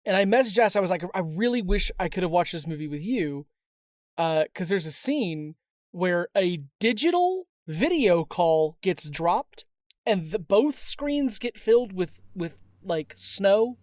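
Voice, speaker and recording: A man co-hosts a casual movie review podcast, talking in a joking, animated way. His pitch swings widely from line to line. The sound is dry and close, with no room around it. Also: a little slow, no echo. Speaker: podcast co-host.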